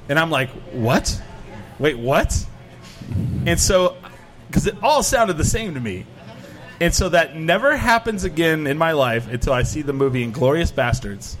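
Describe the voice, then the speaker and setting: A middle-aged American man in casual chat, telling rambling travel stories and acting out quotes. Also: fairly high pitch. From United States. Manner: rambling storyteller, many "like" fillers, acts out quotes.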